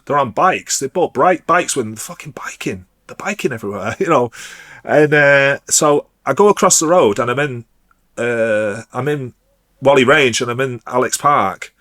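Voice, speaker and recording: Rambling DJ telling a story. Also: male voice, mid-range voice, a bit bright. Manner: rambling, halting, frequent restarts. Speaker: DJ guest. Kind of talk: casual storytelling.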